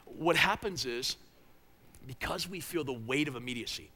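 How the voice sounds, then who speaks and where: A man's voice: mid-range voice, animated, moderate pace, pushed and bright, in a large hall. A man preaching a sermon in a conversational, emphatic way, often repeating his phrases. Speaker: pastor.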